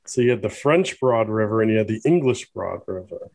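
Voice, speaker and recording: A man co-hosting a casual podcast chat, thinking aloud as he talks, with many pauses and fillers. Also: fairly low pitch, animated, creaky, darkish tone, no room sound. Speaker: podcast co-host.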